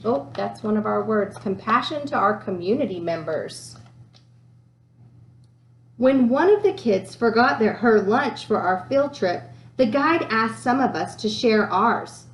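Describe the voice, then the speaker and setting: A woman teacher giving a lesson and reading a picture book aloud with lively expression and frequent fillers. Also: medium pitch, a little slow. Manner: animated storyteller who reads with many fillers. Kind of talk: classroom read-aloud and lesson. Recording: echoey room.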